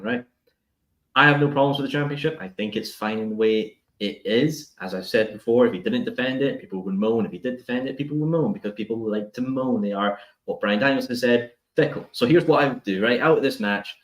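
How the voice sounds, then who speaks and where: A man co-hosting a casual podcast discussion, animated and opinionated, laying out his plans step by step. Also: mid-range voice, echoey room. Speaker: podcast co-host.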